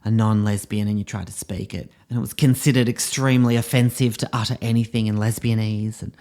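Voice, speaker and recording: A man's voice: fairly low pitch, steady tone, brisk, warm tone. A man playing a pompous drama teacher, rambling with fillers in a comedy monologue. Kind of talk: comedy podcast character monologue.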